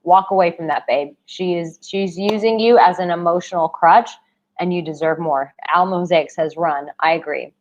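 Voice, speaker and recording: A woman's voice: lowish voice, normal speed, darkish tone. A young woman coaching on a live stream Q&A, affectionate and emphatic, calling viewers babe. Her voice is going. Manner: emphatic, repeats herself. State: losing her voice. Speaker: dating and relationship coach. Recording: dull lo-fi livestream audio.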